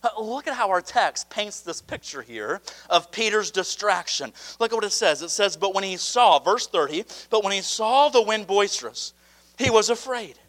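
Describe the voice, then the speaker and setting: A man preaching a sermon, animated, swinging from loud emphasis to quiet asides and acting out voices in the story. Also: sits high, normal speed. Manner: acts out voices in retelling Bible stories.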